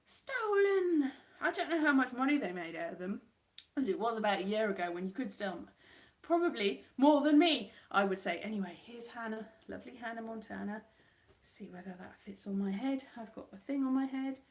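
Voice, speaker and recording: A woman's voice: fairly high pitch, expressive, fairly quick. A woman chatting casually on a livestream from home into a webcam. She rambles and pokes fun at herself. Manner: chatty, rambling, self-mocking. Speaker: YouTuber.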